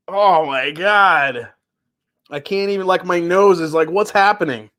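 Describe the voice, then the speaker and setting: A man's voice: sits high, measured pace, long pauses, bright, forceful tone. A young adult man hosting a live whiskey stream, chatting casually, groaning and cussing at what he tastes. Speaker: whiskey livestream host.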